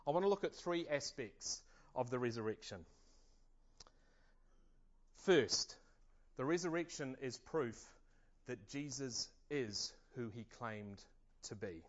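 A man preaching a sermon at a church service, earnest and measured. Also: medium pitch, animated, highs cut off.

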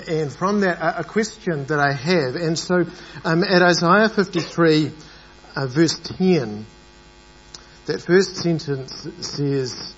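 A man preaching a Good Friday sermon in a church, pausing often with fillers and turning to questions. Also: medium pitch. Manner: hesitant, many fillers, grows animated. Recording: dull lo-fi recording with mains hum.

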